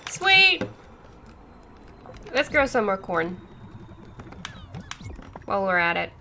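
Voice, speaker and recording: A woman's voice: mid-range voice, sing-song, slow, a little hiss or hum. A woman streaming a cozy game, chatting upbeat and thinking aloud as she plays. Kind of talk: casual let's-play commentary. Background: soft game music.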